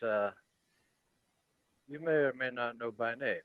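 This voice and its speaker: Calm game master, thin phone-like audio. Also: male voice, mid-range voice, dry recording. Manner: calm, measured, slightly grand in-character speech. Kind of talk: narrating and voicing a tabletop game. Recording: thin phone-like sound, dry.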